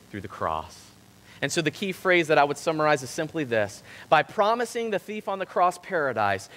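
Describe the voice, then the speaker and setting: A man's voice: fairly high pitch, a bit bright. A man preaching a sermon in a church, emphatic and rising and falling for stress. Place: church sanctuary. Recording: long church hall reverb.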